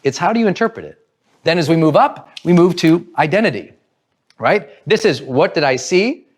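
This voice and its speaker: A man speaks in an earnest, coaching way in a motivational talk. His voice sits a little high for a man. He often acts out the inner voices of the people he describes. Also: lively intonation, normal speed.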